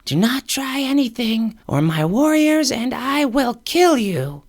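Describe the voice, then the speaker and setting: Brief: man playing a squeaky, cracking teen boy warrior leader, high and slow, stern and wary, audiobook voice. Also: big pitch swings, heavily acted. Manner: stern, threatening commands.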